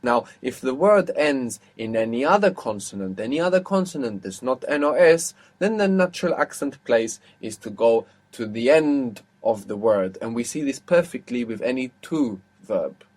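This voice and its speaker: A man teaching an audio language lesson, patiently asking questions and repeating words slowly. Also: medium pitch, animated, a little mellow.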